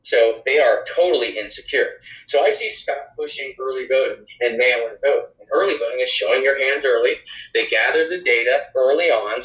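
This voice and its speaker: A man tells a story as a podcast guest, his bright, forceful voice bouncing around a roomy space. The recording is dull and lo-fi, and he talks in a lively way with exclamations. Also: mid-range voice. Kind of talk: conversational storytelling. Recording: echoey room, dull lo-fi sound.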